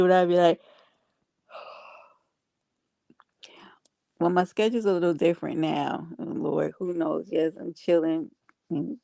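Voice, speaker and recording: A woman's voice: on the low side, slow pace, creaky, pauses often, mellow, dry recording. A woman hosting a casual livestream, chatting with viewers and reading their comments aloud. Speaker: livestream host.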